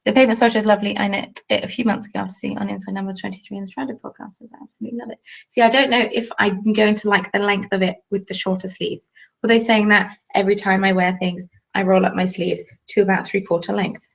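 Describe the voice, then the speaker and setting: A woman's voice: mid-range voice, level tone, fast talker, gravelly. A young Englishwoman hosting a casual live knitting stream, chatting in a rambling way and reading out viewer comments. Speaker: host. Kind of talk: casual livestream chat while knitting.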